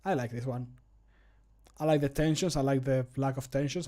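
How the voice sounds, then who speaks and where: A man's voice: mid-range voice, fairly even intonation, moderate pace, dark tone. Playful, laughing male streamer. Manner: laughs often, playful and chatty. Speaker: streamer and game modder. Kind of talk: casual live-stream chat. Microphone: close home microphone.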